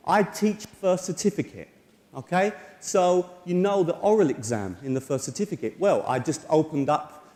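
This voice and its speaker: A man presenting at a teachers' conference in a lecture hall, chatty and lively, telling personal anecdotes. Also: fairly high pitch. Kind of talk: conference talk. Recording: echoey hall with long reverb.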